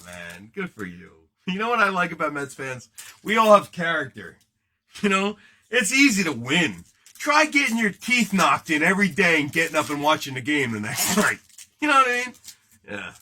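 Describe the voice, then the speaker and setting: A man's voice: fairly high pitch, big pitch swings, moderate pace, pushed and bright. A man hosting a casual live card break, joking and rambling as he chats with viewers while opening packs. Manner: joking, rambling, banters with chat.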